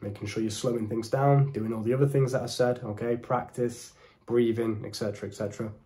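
Emphatic young British man, mellow voice. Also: mid-range voice, fairly even intonation. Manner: emphatic, deliberate, preachy. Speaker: dating coach. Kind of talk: direct-to-camera advice talk.

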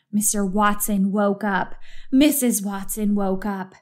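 A woman reading a children's storybook aloud in a slow, expressive, deliberate way. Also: mid-range voice. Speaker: story reader.

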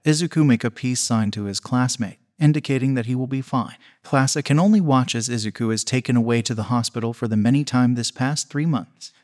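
Man flatly reading a fan fiction story. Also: medium pitch. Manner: flat, unpolished reading that also voices every character.

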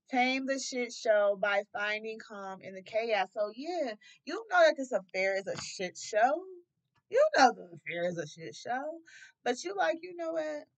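Profane, animated woman reading tarot. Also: a little high, low-quality recording. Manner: loose, profane and animated, laughing often. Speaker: tarot reader.

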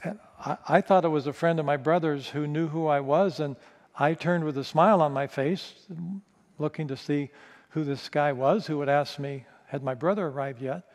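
A male pastor telling a candid, self-mocking story in a sermon, stumbling over quick restarts. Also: fairly high pitch, a little mellow. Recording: long reverb of a large hall.

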